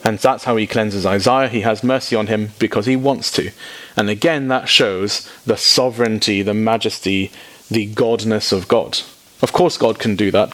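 A man preaching a sermon to a congregation, informal and animated, dropping in quick asides and jokes. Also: on the low side. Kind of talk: sermon teaching.

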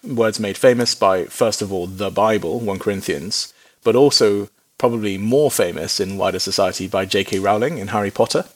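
A man preaching a Bible teaching sermon in a lively, humorous way, acting out little voices in quotes. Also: on the low side, moderate pace.

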